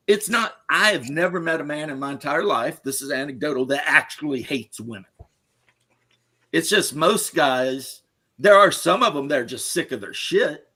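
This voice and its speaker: A man's voice: a little high, bright, forceful tone. A middle-aged man, a podcast host, giving his opinions in a blunt, crude, casual chat and laughing at his own stories.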